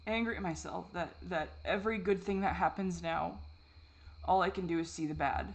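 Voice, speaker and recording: A man talking in a confessional vlog, halting and repetitive, swearing often, and shifting between distress and soft, wry self-deprecation. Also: sits high, fairly even intonation, creaky. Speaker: vlogger.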